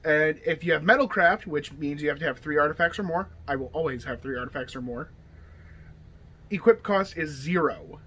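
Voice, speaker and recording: On the high side at normal speed, this man's voice is bright, forceful and husky. He hosts a deck tech, chatting and rambling casually about his card game deck with plenty of okay and you know.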